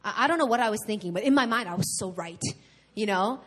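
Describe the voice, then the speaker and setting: A woman from New York preaching a sermon at a church service, telling her own story in a candid, animated way with emphatic repetition. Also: medium pitch, quick pace. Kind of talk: sermon with personal testimony.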